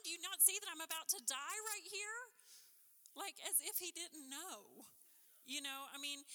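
A woman preaching a sermon, rising to impassioned questions and dropping to hushed emphasis. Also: sits high. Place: chapel. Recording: chapel with long reverb.

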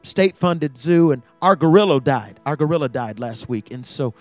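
A man's voice: a little high, lively intonation, normal speed, darkish tone, no echo, faint music behind, voice pushed down, lightly acted. A man voicing a matter-of-fact male zookeeper who talks in a coaxing, persuasive way.

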